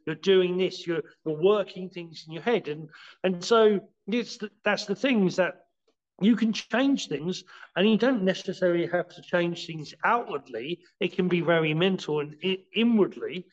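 A man being interviewed as a martial arts teacher on a podcast. He explains in a halting way, with many restarts and fillers, and acts out scenes as he goes. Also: high voice, highs cut off.

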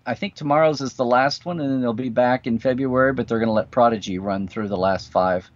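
Chatty man on dull lo-fi audio. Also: medium pitch. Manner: chatty, quick asides, chuckles often. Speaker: co-host. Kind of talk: casual livestream chat. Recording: dull lo-fi video call audio.

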